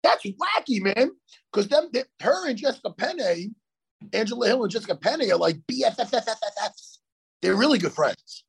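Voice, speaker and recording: Brief: high, lively, gravelly, husky-voiced man, swearing co-host in a hotel room. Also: normal speed. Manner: animated, swearing, storytelling. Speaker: podcast co-host. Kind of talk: casual chat.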